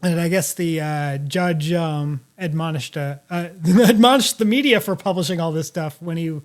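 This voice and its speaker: A man's voice: a little high, moderate pace. A man co-hosting a stream, speaking hesitantly and leaning on "like" and restarts. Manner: hesitant, filler-heavy, lots of "like". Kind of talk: casual chat.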